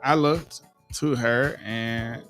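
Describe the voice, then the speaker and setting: A man's voice: mid-range voice, extremely slow, soft background music. A big, tall man co-hosting a podcast, telling a story casually and acting out the quotes he retells. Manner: animated storyteller, acts out quotes. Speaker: podcast co-host.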